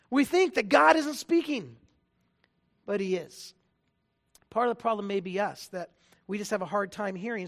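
A male pastor giving a conversational sermon in a church, joking and often restarting his sentences. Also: high-pitched. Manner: conversational, jokey, frequent restarts.

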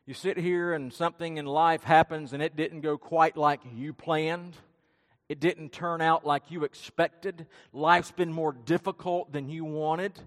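High-voiced preacher in an echoing hall. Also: male voice, fairly even intonation, a little slow. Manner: dramatic storytelling, acting out quotes with rising and falling intensity. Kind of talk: sermon. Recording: long hall reverb.

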